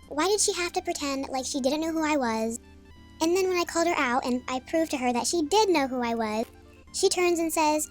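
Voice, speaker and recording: A young woman vlogger telling a storytime in a chatty, exasperated way, with sassy asides. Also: sits high. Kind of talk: storytime vlog. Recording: soft music behind.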